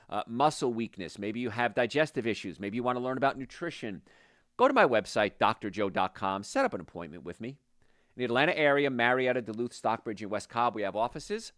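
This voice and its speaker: A middle-aged man hosting a casual health talk, folksy and rambling, going off on tangents and pitching his services. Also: a bit bright, no echo, studio quality. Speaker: health practitioner and show host.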